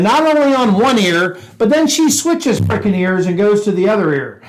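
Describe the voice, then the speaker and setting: Animated laughing man telling a story. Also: sits high, normal speed, hardly any pauses, slight background noise, low-quality recording. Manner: animated storyteller, laughs often, acts out quotes. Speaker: podcast co-host, former police officer. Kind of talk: casual storytelling chat.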